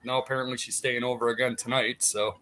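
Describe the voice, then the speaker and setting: A man's voice: mid-range voice, level tone, fast talker, bright, forceful tone, a little hiss or hum. A man from Wisconsin, a regular co-host, chatting easily about his day. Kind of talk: casual chat.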